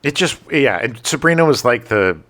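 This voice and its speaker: Man, podcast co-host, animated, jokey, middle pitch, very lively intonation. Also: moderate pace. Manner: animated and jokey, talks over his co-host. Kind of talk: casual film-review chat.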